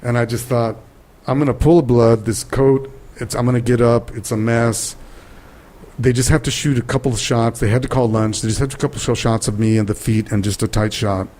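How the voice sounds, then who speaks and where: An older man, a guest actor, telling lively anecdotes in an interview and acting out the people in them. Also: medium pitch, brisk. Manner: animated storyteller acting out quoted voices. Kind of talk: interview storytelling.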